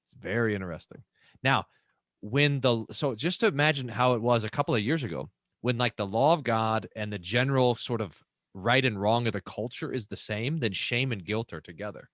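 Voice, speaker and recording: A man's voice: mid-range voice, brisk, a bit bright, no room sound. A man from Texas co-hosting a casual theology chat over a video call, explaining and teasing his partner. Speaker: co-host and pastor.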